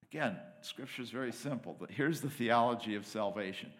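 A man preaching a sermon with passion, rising to loud emphatic peaks and dropping to hushed asides. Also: on the low side, normal speed, hardly any pauses.

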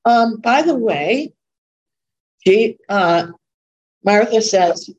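A woman's voice: medium pitch, lively intonation, drawn-out words, pauses often, low-quality recording. A woman preaching a sermon in an earnest, conversational way, repeating points for emphasis.

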